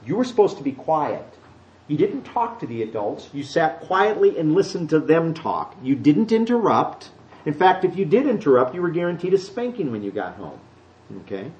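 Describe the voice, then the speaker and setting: A man's voice: a little high, moderate pace. A middle-aged man preaching a conversational sermon in church. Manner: conversational, animated, acts out children's voices. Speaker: pastor. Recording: dull lo-fi church recording.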